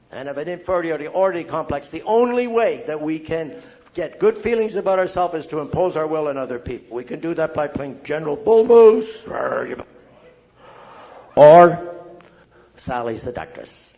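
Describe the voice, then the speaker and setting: An older man, a priest speaking at a recovery meeting, telling lively stories and checking in with the crowd as he goes. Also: on the high side. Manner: lively storyteller, acting out quoted voices. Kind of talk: recovery meeting talk to an audience.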